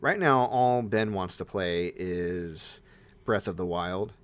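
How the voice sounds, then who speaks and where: Excitable low-voiced man gushing about games. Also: slow, clean tone. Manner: excitable, gushing, breaks into high-pitched bursts. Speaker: podcast co-host. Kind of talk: casual chat.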